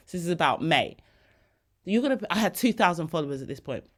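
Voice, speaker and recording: A woman's voice: deep voice, lively intonation, fast talker, a bit bright. A woman hosting a podcast, telling personal stories in a candid, slangy, emotionally open way. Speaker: podcast host.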